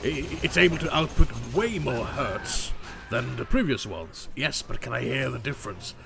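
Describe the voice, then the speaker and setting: A man's voice: mid-range voice, expressive, normal speed, gravelly. A man chatting casually while gaming, wry and teasing with his friends. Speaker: co-player.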